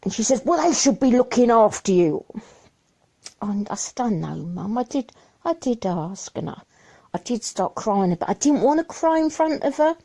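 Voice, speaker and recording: Gravelly, worried woman rambling. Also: medium pitch, animated, moderate pace, mellow. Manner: rambling, worried, repeats herself and restarts. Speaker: mother sharing her troubles. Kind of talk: confessional monologue.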